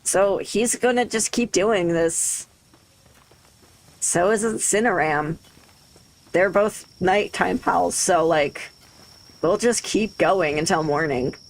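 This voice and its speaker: A woman's voice: lowish voice, slow, pauses often, poor audio. A woman livestreaming a game, chatting casually, thinking aloud and laughing easily into a desk microphone. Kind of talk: casual gaming commentary.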